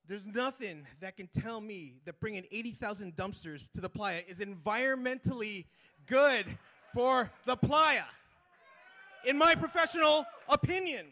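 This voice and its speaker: Rallying high-voiced man on stage. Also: pushed and bright. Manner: chanting, rallying the audience, quick asides. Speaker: playa restoration manager giving a conference talk. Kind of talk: energetic presentation with crowd call-and-response. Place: conference hall before a live audience.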